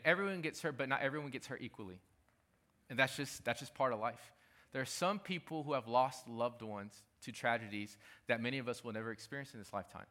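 A man's voice: medium pitch, pushed and bright. A man preaching a sermon as pastor, talking emphatically and repeating his key phrases.

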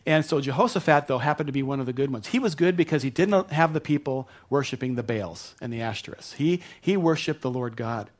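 A man preaching a sermon, retelling a Bible story in a conversational way with asides to the congregation. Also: mid-range voice. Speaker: pastor.

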